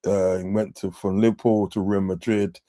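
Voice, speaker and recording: This is a man in casual football chat, rambling and full of fillers, with a low, dark, mellow voice. The sound is dry and close, with no room around it. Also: flat delivery, moderate pace, dry recording. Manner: rambling, many fillers and restarts, swears. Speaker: podcast host.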